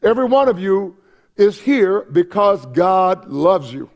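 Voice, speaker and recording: Man, pastor, sermon, high voice, gravelly, emphatic with hushed asides. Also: big pitch swings, unhurried. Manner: emphatic preaching, swinging from shouts to hushed asides. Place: church.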